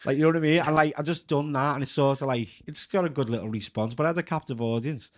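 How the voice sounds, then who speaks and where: This Scouse-accented comedian from Liverpool, England, talks fast in a higher-pitched voice while guesting on a podcast. He tells casual stories in a chatty way, laughing often and relying on the filler "like."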